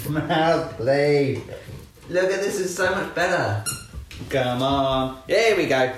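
A man coos and coaxes a puppy in a lively, bouncing, higher voice, his tone swooping all over. He sounds distant from the mic in a very echoey room, with a faint hiss behind him. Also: slow pace. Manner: playful, coaxing, sing-song. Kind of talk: baby-talking to a puppy.

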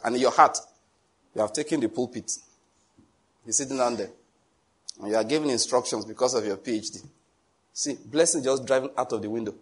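A man preaching a sermon in an animated, joking way, with pleading asides to the congregation. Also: mid-range voice, breathy edge.

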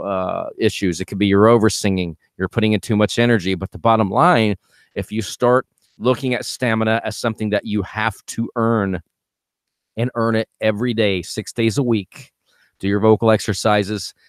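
A man's voice: lowish voice, no room sound, clean studio sound. A man hosting a podcast as a vocal coach, giving casual advice with energy and repeating his key points.

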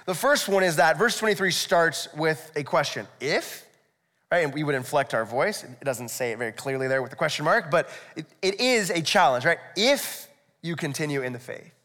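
A man's voice: fairly high pitch, lively intonation, moderate pace, fairly bright tone. A male pastor preaching a sermon in a conversational, explanatory way, with rhetorical asides to the congregation. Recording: echoey hall, long reverb.

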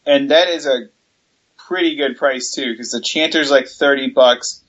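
A man's voice: mid-range voice, a little slow, fairly bright tone. A man in casual hobby chat, explaining steadily and listing items with some fillers. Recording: dull lo-fi audio.

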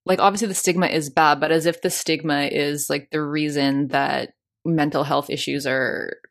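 Casting note: woman podcast co-host, low voice, casual and chatty about a book. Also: steady tone, moderate pace, creaky. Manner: casual, lots of "like", reads passages aloud.

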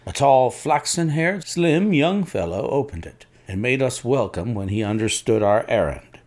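A man narrating an audiobook in a measured storytelling manner, his voice dropping at clause ends. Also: medium pitch, lively intonation, darkish tone. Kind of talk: scripted narration.

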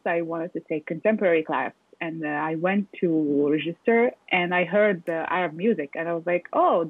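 A woman's voice: on the low side, no room sound. Woman on a tinny call line. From Morocco. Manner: chatty, with frequent "like" fillers. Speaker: guest interviewee. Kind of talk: casual interview chat.

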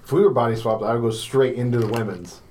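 A man's voice: mid-range voice, fairly even intonation, fast, a little mellow, slight background noise. A man co-hosting an anime podcast in casual chat, blunt and swearing freely, a little under the weather. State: sick. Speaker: podcast co-host.

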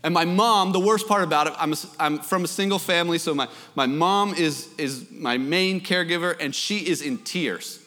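Bright-voiced joking young preacher. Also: male voice, fairly high pitch, normal speed, hardly any pauses, in a large hall. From Canada. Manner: joking, storytelling, self-deprecating. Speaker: pastor. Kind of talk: sermon.

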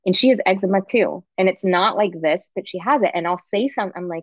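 A woman in her thirties, a podcast guest, talking candidly and with feeling, full of quick asides. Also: fairly low pitch, dry recording, lo-fi sound. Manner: emotional, expressive, quick asides. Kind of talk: candid conversational chat.

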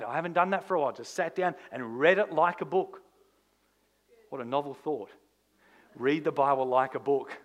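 Animated preaching man, slightly high voice. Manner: animated, conversational preaching with rhetorical questions. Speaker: pastor. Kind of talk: sermon.

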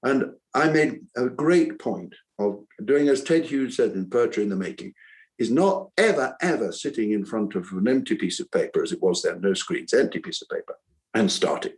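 An older man, once a schoolteacher and now an author, is interviewed on a low-quality recording. His lowish voice is animated and moves at a normal speed as he reflects earnestly, rambling and repeatedly restarting his sentences.

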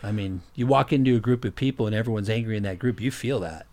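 A man's voice: fairly low pitch, quick pace, a little mellow. A man who is a guest on a podcast, telling stories in an easygoing way and chuckling as he talks. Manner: storytelling, easygoing, chuckles while talking. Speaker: podcast guest, human design reader. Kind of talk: casual conversational interview.

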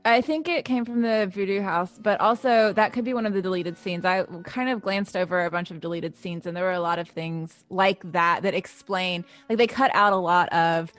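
A woman's voice: on the low side, normal speed, hardly any pauses, a bit bright. A woman co-hosting a podcast in casual chat, thinking aloud with hedges. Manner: thoughtful, hedging. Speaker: podcast co-host.

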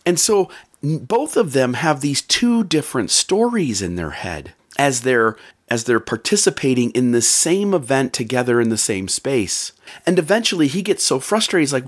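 A man's voice: medium pitch, very animated, moderate pace. Guy giving an earnest motivational talk, voice swings up and down a lot, repeats himself to hammer it in. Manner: earnest, repeats phrases for emphasis.

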